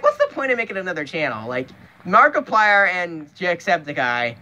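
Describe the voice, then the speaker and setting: A young man vlogging at home, his fairly high, bright voice jumping around as he rants with plenty of swearing. He trips over his words and starts over, and a faint room ambience hangs behind him. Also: sing-song, normal speed, lo-fi sound, slight background noise. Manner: profane and emphatic, with frequent restarts. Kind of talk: casual vlog rant.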